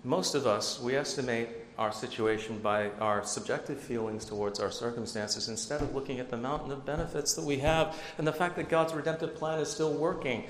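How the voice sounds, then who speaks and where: A man's voice: medium pitch, steady tone, brisk, hardly any pauses, slight background noise. A man preaching a sermon as pastor, conversational, with self-deprecating asides. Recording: echoey hall with long reverb, faint ambience.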